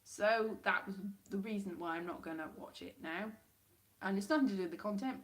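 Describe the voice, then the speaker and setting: A woman hosting a casual livestream from home, rambling, chatty and quick to laugh at herself. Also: medium pitch. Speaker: livestream host.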